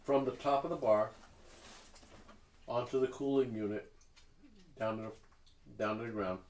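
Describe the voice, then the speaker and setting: A man acting as dungeon master narrates a tabletop game in a casual, rambling manner full of fillers. His mid-range voice is a little mellow, with fairly even intonation and a moderate pace. The room is echoey, with faint noise.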